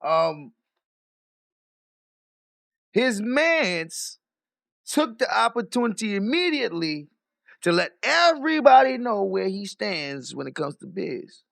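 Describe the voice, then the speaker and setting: A man hosts a livestream in casual, profane commentary. His voice is high and gravelly, and it swings widely up and down. It sounds close and dry. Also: slow, long pauses, no room sound. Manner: profane, animated, reads out donor messages. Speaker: livestream host.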